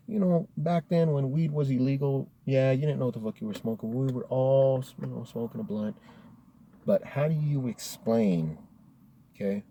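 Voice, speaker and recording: Husky, dark-voiced man telling a story. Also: mid-range voice, expressive, moderate pace, dry recording. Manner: profane, laid-back, peppered with "dude". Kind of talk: casual storytelling.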